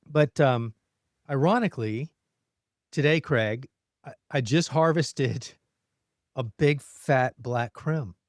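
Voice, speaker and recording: A man's voice: mid-range voice, slow, pauses often, no room sound, clean studio sound. A man hosting a podcast, chatting casually and animatedly about his garden. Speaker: podcast host.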